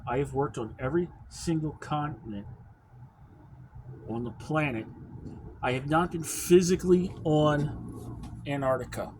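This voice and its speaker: An American man telling a work story as a casual, profane, animated rant. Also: medium pitch, a little hiss or hum. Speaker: field service technician.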